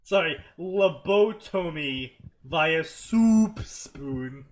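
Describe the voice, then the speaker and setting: A man's voice: on the high side, lively intonation, extremely slow, low-quality recording. A man co-hosting a stream, reading fanfiction aloud and skimming parts with mocking "blah, blah" asides. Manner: skims text with mocking "blah, blah". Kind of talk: casual stream commentary.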